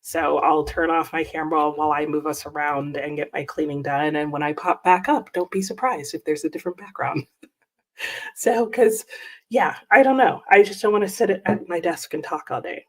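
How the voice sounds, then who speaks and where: A woman with a slightly low voice chats casually on a reading livestream, recorded at her home desk. She greets viewers one by one and reacts brightly to their comments with small exclamations. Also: normal speed. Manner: upbeat, reads viewer comments aloud with little exclamations. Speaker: livestream host. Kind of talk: casual live-chat reading stream.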